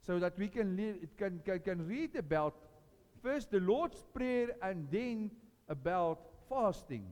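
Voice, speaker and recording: A man preaching an informal sermon to a small home gathering, earnest and animated, often restarting his sentences and joking with the listeners. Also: sits high, unhurried. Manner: earnest, animated, with frequent restarts and jokes to the room. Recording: long hall reverb.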